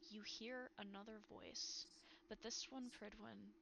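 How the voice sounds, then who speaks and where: A woman narrating a tabletop game as game master, in a measured, atmospheric way. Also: mid-range voice, fairly even intonation, gravelly, lo-fi sound, noisy background.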